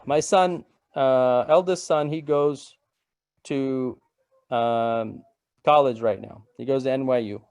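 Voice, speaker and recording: A man's voice: medium pitch, fairly even intonation, slow pace, darkish tone, smooth, no room sound, studio quality. A middle-aged man giving a webinar presentation in a casual, conversational way, repeating phrases and checking in with "right?".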